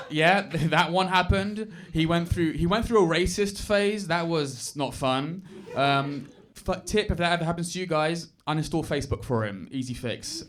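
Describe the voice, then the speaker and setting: Chatty young man doing stand-up. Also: fairly high pitch. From England. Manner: chatty, teasing, crowd work. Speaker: stand-up comedian. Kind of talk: stand-up comedy set. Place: comedy club stage. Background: audience laughter.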